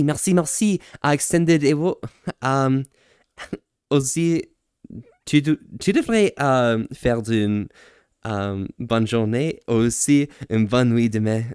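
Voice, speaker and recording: A man's voice: medium pitch, takes it slowly, a little mellow, smooth, no echo, clean studio sound. A man streaming casually, answering chat, laughing often and trying out phrases in other languages with self-deprecating humor.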